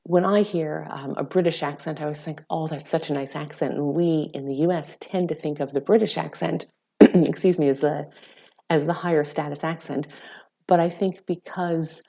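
An American woman, a researcher, answering interview questions in a measured, explanatory way with frequent fillers. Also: sits low, steady tone, vocal fry, dark tone. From United States. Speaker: researcher guest. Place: lives in the UK.

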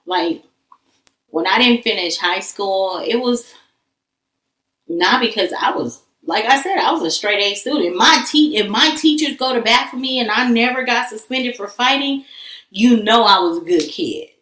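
A woman's voice: a little high, moderate pace, fairly bright tone, recorded from a distance. A woman frankly sharing her life story in a casual, emphatic conversation. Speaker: guest. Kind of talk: candid personal conversation. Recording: echoey room, voice a bit off-mic.

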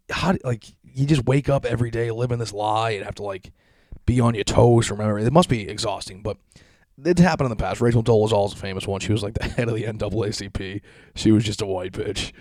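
A man's voice: on the low side, dry recording, clean studio sound. Profanely ranting young man. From Massachusetts. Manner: crude, animated, sarcastic, heavy swearing.

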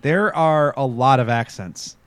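A man's voice: medium pitch, unhurried, smooth, dry recording. A man co-hosting a podcast, recapping a TV episode in casual chat, rambling and sarcastic with lots of fillers. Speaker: podcast co-host.

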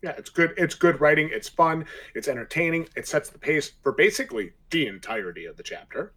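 A man co-hosting a casual book discussion, reading a favorite passage aloud with animated expression. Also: fairly high pitch, fairly quick. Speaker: book discussion podcast co-host. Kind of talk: casual book club chat and dramatic reading.

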